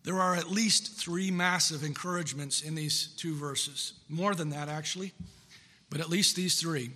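A man's voice: a little high, steady tone, normal speed, pushed and bright, in a large hall. A man preaching a sermon in an earnest, emphatic way, repeating his key phrases for weight.

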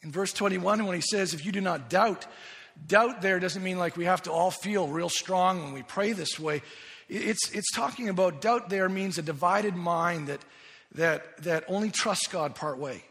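A man's voice: high voice, normal speed, gravelly, a bit bright. A man preaching a sermon as pastor, earnest and emphatic, often restarting and repeating his words. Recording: long reverb of a large hall.

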